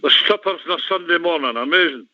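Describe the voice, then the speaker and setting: A man's voice: a little high, fast, a little hiss or hum. Nostalgic older Scottish man on a phone line. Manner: nostalgic, warm-hearted reminiscing. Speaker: caller. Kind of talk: casual call-in chat.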